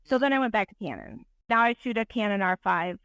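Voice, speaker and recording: A woman photographer, a podcast guest, telling an animated, self-deprecating story in casual interview talk. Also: medium pitch, quick pace, no echo.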